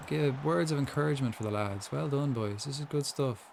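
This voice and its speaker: A man's voice: mid-range voice, brisk, creaky, few pauses, darkish tone, slight background noise. A young man chatting casually while commentating his own football management game, rambling with lots of asides. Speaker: gaming streamer.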